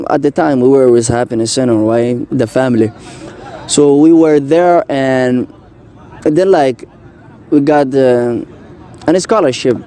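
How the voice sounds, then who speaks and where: A man's voice: medium pitch, mellow. Earnest young man telling his story. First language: French. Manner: earnest, halting, with many fillers and restarts. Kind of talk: personal story in casual talk.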